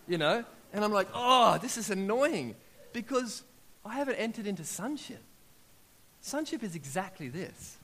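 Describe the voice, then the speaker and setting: A man in his thirties preaching with lively, story-driven energy. He acts out his own prayers as part of the telling. His voice sits a little higher than most men's. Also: moderate pace, a little hiss or hum. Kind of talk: sermon.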